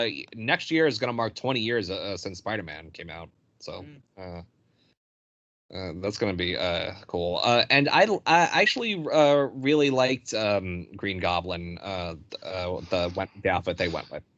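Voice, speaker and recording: Hesitant, low-voiced man, many fillers. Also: normal speed, few pauses, fairly bright tone, no echo, lo-fi sound. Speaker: podcast co-host. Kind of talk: casual chat over a call.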